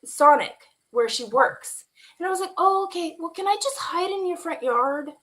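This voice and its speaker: A woman telling an emotional personal story as a guest, animated and quoting the people in it, laughing at times and close to tears. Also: very high-pitched, normal speed. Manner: animated retelling with quoted dialogue, laughing and near tears. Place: online stream.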